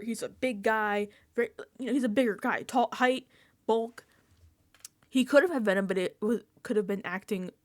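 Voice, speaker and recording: A young woman chatting casually on a reality-TV recap vlog, animated and laughing, acting out quotes and swearing freely. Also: fairly high pitch, no echo, clean studio sound. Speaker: recap vlogger. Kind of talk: casual reality-TV reaction chat.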